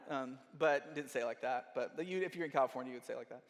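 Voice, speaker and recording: A young adult man giving a sermon as guest speaker, telling a story in a lively way and acting out the people in it. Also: mid-range voice, racing. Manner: animated storytelling with quoted voices. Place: church hall. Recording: church hall with long reverb.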